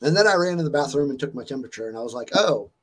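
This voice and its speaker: A man's voice: mid-range voice, animated, very fast, low-quality recording. A man hosting a stream, telling a story in a rambling, chatty way full of fillers while still getting over a fever. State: recovering from a fever. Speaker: stream host. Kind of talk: casual chat.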